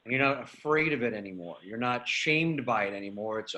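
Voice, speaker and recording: A man's voice: mid-range voice, lively intonation, fairly quick, hardly any pauses, sharp tone, rough recording. A man in a casual roundtable chat, speaking in an agreeable, encouraging, conversational way.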